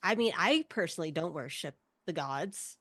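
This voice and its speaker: A woman's voice: low-pitched, lively intonation, moderate pace, a bit bright, no room sound, voice pushed down. A woman voicing a wry young adventurer in a tabletop game, speaking in an understated way.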